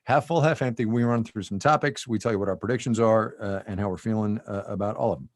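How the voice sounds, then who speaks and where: A man co-hosting a podcast in casual chat. He agrees quickly and puts on mock-dramatic voices when he quotes people. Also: fairly low pitch, dry recording, studio quality. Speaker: podcast co-host.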